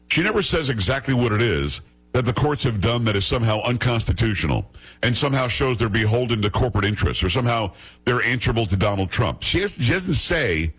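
Man hosting talk radio, husky tone, scornful and emphatic, mid-range voice. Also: mid-range voice, fairly bright tone, poor audio. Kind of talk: opinionated talk radio monologue.

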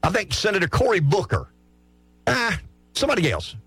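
A middle-aged man hosts a sports talk show, his voice climbing and dropping all over the place as he pushes blunt opinions. He trips over his words and restarts a lot, and his voice sits slightly high with a dry, close sound. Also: moderate pace, husky, dry recording, soft background music. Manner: blunt, animated, stammering restarts. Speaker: radio talk show host.

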